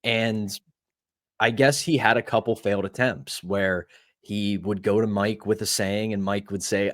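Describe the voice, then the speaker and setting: Speaking a little slowly in a lowish voice, this Pittsburgh man tells an anecdote on the sports podcast he co-hosts, retelling it with casual, animated storytelling. The audio is studio quality, without echo.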